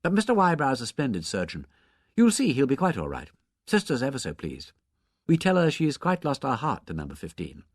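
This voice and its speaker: A man plays a chatty hospital nurse in an audiobook, talking on in a gossipy, fond way with a lively rise and fall. The voice sits close and dry. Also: mid-range voice, fairly quick, no echo, pitched above the performer's own voice.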